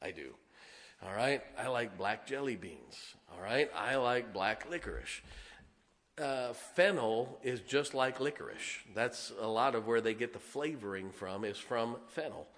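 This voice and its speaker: A man in the pulpit preaching in a plain, folksy manner, talking through his points with props in hand. His voice sits at an ordinary middle pitch. The sound carries a long reverb from a large hall. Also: expressive, measured pace, a bit bright. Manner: folksy and conversational, demonstrating with props. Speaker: pastor. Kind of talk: sermon.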